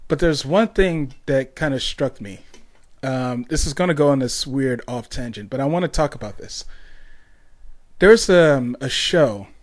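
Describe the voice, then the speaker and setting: A man's voice: medium pitch, measured pace. A young man hosting a casual solo podcast, rambling along with lots of ums, restarts and tangents. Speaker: podcast host.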